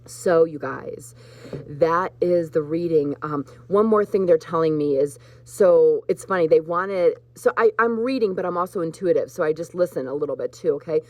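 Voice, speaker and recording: A woman hosting a live spiritual card reading, talking gently to her viewers and getting emotional at times. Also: low-pitched, moderate pace, dry recording. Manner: warm, emotional, choked up with laughter at times. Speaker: host.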